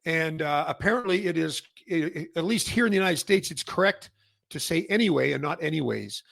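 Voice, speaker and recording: A middle-aged Canadian man who sells massage chairs hosts a casual industry update in a brisk, slightly high, somewhat bright voice. He rambles, restarting often and using many fillers. The studio-quality recording has no echo.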